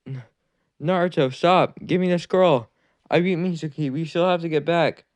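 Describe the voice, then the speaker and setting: A man's voice: on the high side, a little fast, no echo, pitched above the performer's own voice, lightly acted. A man voicing a protective male ninja teacher who calls out urgently in a fan-made anime story. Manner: urgent, shouting out.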